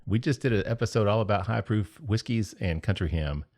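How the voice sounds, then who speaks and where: Low-voiced host. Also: male voice, fairly quick, a little mellow. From Eastern Kentucky. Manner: easygoing, laughing often. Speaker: podcast host. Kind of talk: casual podcast chat.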